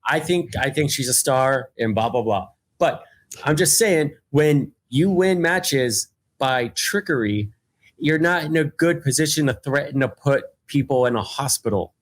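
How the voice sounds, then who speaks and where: A man's voice: mid-range voice, expressive, a little slow. A man with a mid-range voice talks on a casual podcast. He hedges his points and sounds a bit hesitant. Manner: hesitant, hedging.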